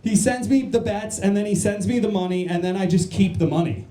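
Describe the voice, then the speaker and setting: A man's voice: sits high, steady tone, fairly quick, warm tone, echoey room, slight background noise. A man from New Jersey doing a stand-up set in a comedy club, crude and self-mocking, riffing with the crowd.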